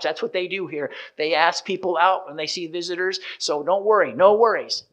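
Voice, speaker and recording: A man preaching a sermon and telling a lively story, often repeating words as he builds momentum, and closing in prayer. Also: high voice, normal speed, hardly any pauses.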